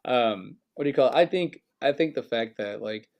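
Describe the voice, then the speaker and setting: Casual podcast co-host, male, gravelly rambling storyteller who slips into goofy accents. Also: mid-range voice, lively intonation, normal speed, dull audio. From United States. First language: Spanish, grew up bilingual. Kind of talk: casual chat.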